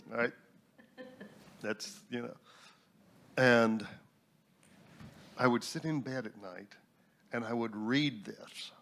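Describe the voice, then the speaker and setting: A man, a New Thought minister and instructor, sharing a personal story in a relaxed panel talk with humorous asides. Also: mid-range voice, a little hiss or hum.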